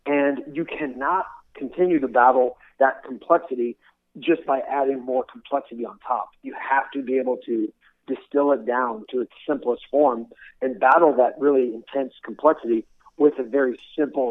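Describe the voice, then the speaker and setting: This former military instructor speaks at a moderate pace in a mid-range voice with fairly even intonation. Interviewed about his career, he tells stories earnestly and restarts his words often, heard through phone-quality audio with no echo.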